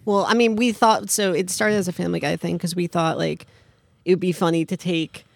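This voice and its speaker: A woman who is a comedian, guesting on a casual podcast in a basement studio, with a deadpan, dry delivery. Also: lowish voice, a little fast, creaky, no room sound. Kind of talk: casual chat.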